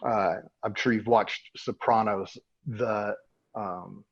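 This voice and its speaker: A man hosting a casual podcast interview, laughing often and trading quick asides. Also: lowish voice, dull audio. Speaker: podcast host.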